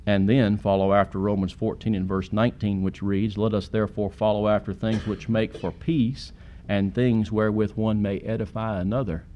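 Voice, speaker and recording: A man's voice: on the low side, level tone, normal speed, lo-fi sound, slight background noise. A man preaching a sermon in an earnest way, with sudden emphatic peaks.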